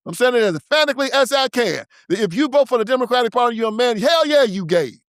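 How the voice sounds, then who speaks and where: A man hosts his own show, delivering a political commentary monologue that is emphatic, preachy and confrontational. His very high-pitched, slightly bright voice comes rapid-fire, in studio quality with no room sound.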